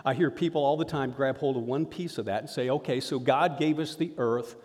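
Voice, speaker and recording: A man preaching a lively sermon to his congregation, often calling them folks. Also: mid-range voice, a little fast. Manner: energetic preaching, addresses crowd as folks. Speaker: pastor. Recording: reverberant hall sound.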